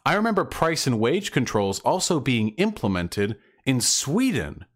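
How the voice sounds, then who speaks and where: A man's voice: medium pitch, big pitch swings, measured pace. A man hosting a reaction commentary video, rebutting clips in a sarcastic, mocking way.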